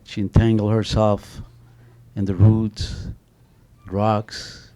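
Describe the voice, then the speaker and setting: This middle-aged man's voice is fairly low and warm, delivered flatly at a slow pace. He's on an author panel, animatedly spinning stories full of restarts and recurring "you know"s.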